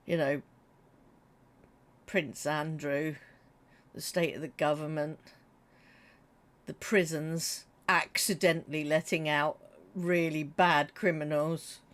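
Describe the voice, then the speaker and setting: A woman's voice: low voice, flat delivery, takes it slowly, pauses often, a bit bright. Chatty British woman streaming with a cold. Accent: British English. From Britain. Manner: chatty, jokey, reads chat aloud. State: runny nose. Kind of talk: casual chat while gaming.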